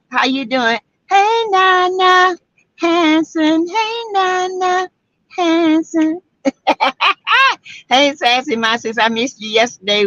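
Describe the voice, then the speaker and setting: Here a South Carolina woman with a Southern drawl runs a laid-back livestream, reading comments and chattily welcoming viewers by name. Her pitch leans high with some brightness. The audio is lo-fi and has no echo.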